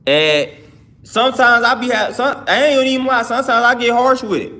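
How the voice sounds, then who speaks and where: A man's voice: extremely high pitch, moderate pace, sharp tone. A man hosting a livestream, talking casually and loosely with his viewers, often restarting his sentences. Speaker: livestream host. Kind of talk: casual livestream talk answering chat.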